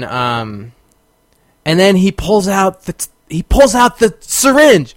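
A man's voice: high-pitched, sing-song, measured pace, no echo. A man hosting a podcast, telling a story in a casual monologue, rambling with fillers and bursting into exclamations. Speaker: podcast host.

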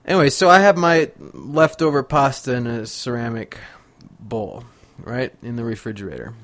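A man's voice: mid-range voice, normal speed, a bit bright. A man hosting a podcast on his own, talking in a rambling, comic monologue and laughing often. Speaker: podcast host.

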